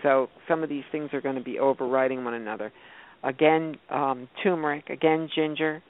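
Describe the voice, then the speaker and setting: A man's voice: mid-range voice, fairly even intonation, moderate pace. A man hosting a casual health talk show, rambling through food lists with many fillers and restarts. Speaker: host. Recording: phone-like narrow sound.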